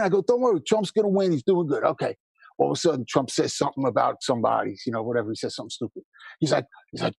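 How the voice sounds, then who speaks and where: Brief: husky man from New York, rapid animated storytelling, dry close recording. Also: sits high, no room sound. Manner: fast, animated storyteller with many restarts. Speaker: musician guest. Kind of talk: casual interview chat.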